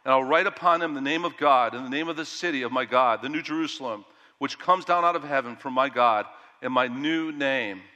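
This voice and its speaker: Middle-aged male pastor, bright and forceful delivery, long hall reverb, loud-to-hushed swings. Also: mid-range voice, brisk, highs cut off. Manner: animated preaching that rises loud and drops to hushed. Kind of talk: sermon.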